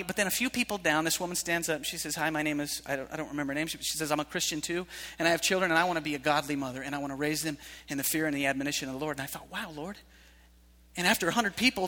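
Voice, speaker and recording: A man preaching a sermon to young people, telling stories in an animated way that swings from hushed to shouting. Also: fairly high pitch, quick pace. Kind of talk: sermon to youth. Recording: live hall reverb.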